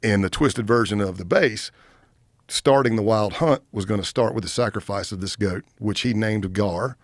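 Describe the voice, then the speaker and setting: A man in his fifties tells his story with a lively, storyteller's energy and acts out the other people's lines as he goes. His voice sits low. It is dry and close, with no room sound around it. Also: moderate pace, dry recording. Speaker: retired undercover agent, podcast guest. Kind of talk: storytelling in a podcast interview.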